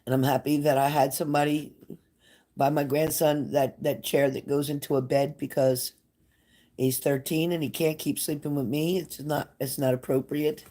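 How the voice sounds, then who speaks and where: A woman's voice: low voice, little pitch movement, normal speed, dark tone. Older woman, psychic reader hosting a live stream; casual, emotional, scattered, chatty with viewers.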